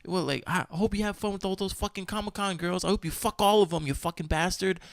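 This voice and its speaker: A man voicing a jealous young girlfriend who hurls insults in a shrieking, mocking falsetto. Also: fast, vocal fry, dry recording, studio quality. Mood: scornful rage.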